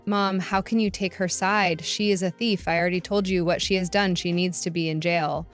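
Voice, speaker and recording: A woman's voice: on the low side, steady tone, moderate pace, soft background music, natural voice. A woman voicing an adult husband who is angry, defensive and accusing in a storybook narration. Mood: indignant.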